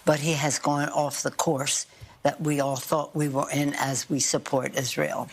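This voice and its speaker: An older woman giving measured, halting interview answers, with frequent fillers and restarts. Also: low-pitched, level tone. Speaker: guest politician.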